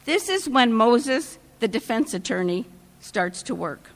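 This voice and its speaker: A woman preaching a sermon, retelling scripture in a measured storytelling manner with dramatic pauses. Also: fairly high pitch, expressive. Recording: long church reverb.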